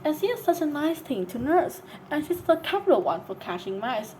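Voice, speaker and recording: A woman's voice: high voice, big pitch swings, fairly quick, darkish tone, a little hiss or hum, pitched above the performer's own voice, low-quality recording. A woman voicing a polite, curious young girl who chatters eagerly in a storybook reading. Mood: soothing.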